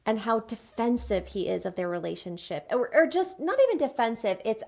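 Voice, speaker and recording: A woman's voice: a little high, animated, a little fast, gravelly, few pauses, a little mellow. A woman co-hosting a book podcast, chatting casually and giggly, gushing about scenes and reading passages aloud. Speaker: podcast co-host.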